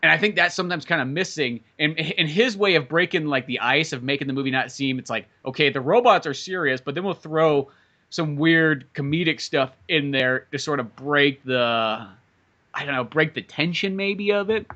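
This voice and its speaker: A young man with a higher, pushed, bright voice co-hosts a comedy podcast at a moderate pace. He rambles casually about movies, swears a lot, and slips into jokey impressions. The audio is lo-fi.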